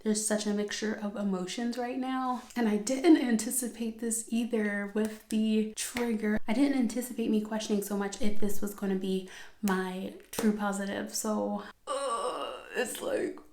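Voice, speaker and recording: Young woman, casual vlogger, emotional half-whisper, mid pitch, roomy echo. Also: steady tone, a little slow, slight background noise. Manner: emotional, often dropping to a hushed whisper. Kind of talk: casual vlog chat. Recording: echoey room.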